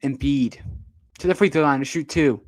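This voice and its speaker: A young man doing amateur play-by-play commentary on a livestream, excitable, with sudden jumps in pitch on big plays. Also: moderate pace, no echo.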